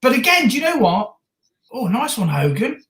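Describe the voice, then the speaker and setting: A woman co-hosting a live stream, reacting enthusiastically to a football match and shouting at big moments. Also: on the high side, sing-song, moderate pace, echoey room. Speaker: stream co-host.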